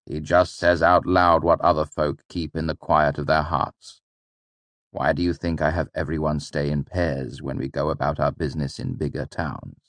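A man voicing a wry, easygoing middle-aged father who leads a traveling troupe, speaking in a gently teasing way. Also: extremely low pitch, little pitch movement, normal speed, dry recording.

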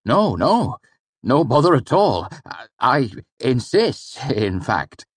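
Narrator as a fussy, pious middle-aged mayor, stiff and prim. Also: male voice, mid-range voice, big pitch swings, slow, slightly rough, dry recording, voice pushed up, exaggerated voice. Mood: flustered. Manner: stiff, then flustered and insistent.

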